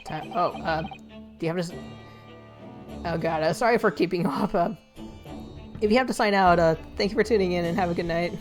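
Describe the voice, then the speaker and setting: A woman's voice: lowish voice, normal speed, pauses often. A woman streamer chatting casually with viewers between game lines, giggly and chatty. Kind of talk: casual chat while reading a game aloud. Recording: game music playing behind.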